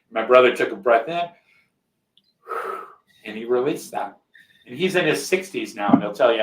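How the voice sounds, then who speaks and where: A man's voice: mid-range voice, animated, normal speed, long pauses, a bit bright, far from the mic. A male podcast host telling a personal story in casual conversation, rambling a bit and often checking in with "right?". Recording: roomy echo.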